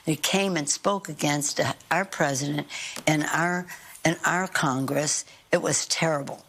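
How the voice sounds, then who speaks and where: An older woman giving measured, halting interview answers, with frequent fillers and restarts. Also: sits low. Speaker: guest politician.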